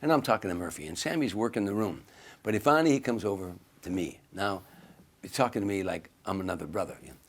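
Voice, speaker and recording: A man's voice: lowish voice, fast talker. A man casually telling a story, acting out the quoted lines as he goes. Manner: animated storyteller who acts out quoted lines.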